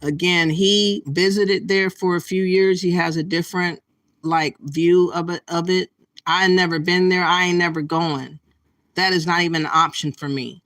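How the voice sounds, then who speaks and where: A man gives earnest casual commentary, emphatic and now and then hesitating. His voice sits a little high for a man. The sound is dry and close. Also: steady tone, moderate pace, fairly bright tone, no room sound. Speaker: commentary co-host.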